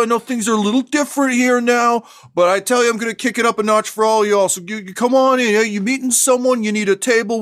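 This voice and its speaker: Loud squeaky-high cartoonish chef guy, all eager welcome. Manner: loud, gushing, welcoming, fast patter. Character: cheery eager middle-aged male chef.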